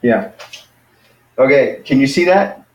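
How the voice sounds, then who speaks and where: A man's voice: mid-range voice, lively intonation, darkish tone. Man, Greek tutor, encouraging, patient, echoey room, dull lo-fi sound. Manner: encouraging, patient, drills pronunciation slowly. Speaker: Greek teacher. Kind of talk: casual one-on-one lesson.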